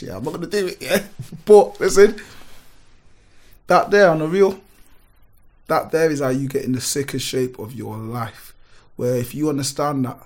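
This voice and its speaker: A man, a gym owner telling stories in an animated, emphatic way full of street on a casual podcast. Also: a little high. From Britain. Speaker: gym owner and powerlifting guest.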